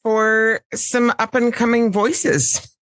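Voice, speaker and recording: Unhurried woman podcast host. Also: on the high side, little pitch movement, a bit bright. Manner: supportive listener, short affirmations. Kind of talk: casual interview chat.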